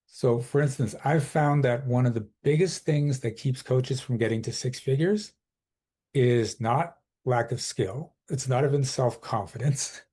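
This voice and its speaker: A man with a dark, husky voice talks as a coach on a podcast. He explains firmly and with conviction, often voicing what people tell themselves. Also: medium pitch, measured pace. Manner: emphatic, explains with quoted inner dialogue. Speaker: transformational coach, podcast guest. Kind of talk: conversational podcast interview.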